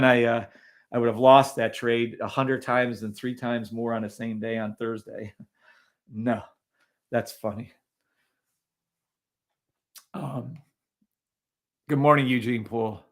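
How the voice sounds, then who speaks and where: A man's voice: mid-range voice, fairly even intonation, unhurried, gravelly, long pauses. A man hosting a live trading stream, talking casually over charts and greeting viewers in the chat, often sounding incredulous.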